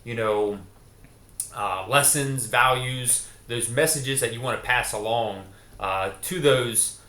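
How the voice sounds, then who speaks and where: Chatty podcast host, echoey room. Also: male voice, medium pitch, takes it slowly, bright, forceful tone. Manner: friendly, rambling, many fillers. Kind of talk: conversational interview.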